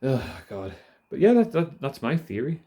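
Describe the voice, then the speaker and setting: A man's voice: mid-range voice, big pitch swings, normal speed, dark tone. A man ranting in a casual, rambling way on a phone held in his hand, swearing freely and laughing often. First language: not American. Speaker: vlogger.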